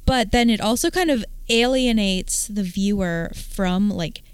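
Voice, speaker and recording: A woman's voice: mid-range voice, a little slow, smooth, dry recording. A woman co-hosting a casual podcast chat, thoughtful and hedging with lots of likes. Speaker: podcast co-host.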